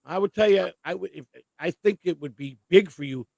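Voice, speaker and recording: A man hosts a loose livestream conversation, rattling on at high speed with plenty of swearing. His voice sits high and has a gravelly edge. The sound is close and dry. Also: fairly quick, no echo. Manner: rambling, profane, excitable. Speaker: host. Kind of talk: casual livestream chat.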